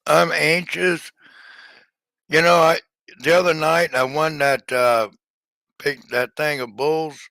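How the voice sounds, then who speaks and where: Man, livestream seller, casual rambling chat, unhurried, bright tone. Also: on the high side, little pitch movement, creaky, no echo. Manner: rambling, slow, with many fillers and restarts.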